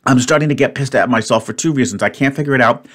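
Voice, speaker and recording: A man solving a word puzzle out loud, thinking aloud and muttering to himself. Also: medium pitch, fast. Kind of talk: solo puzzle-solving commentary.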